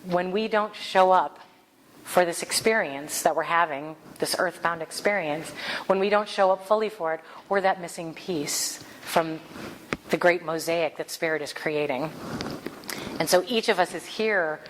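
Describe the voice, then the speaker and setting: Woman minister, lower voice, lively storytelling sermon with faint room noise. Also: measured pace, low-quality recording. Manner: animated storytelling, acts out quoted voices.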